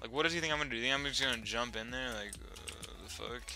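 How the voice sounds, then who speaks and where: Young man, gameplay commentary, casual and profane, sharp bright tone, sudden loud yelling, faint music behind. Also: medium pitch, fast. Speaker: gaming channel host.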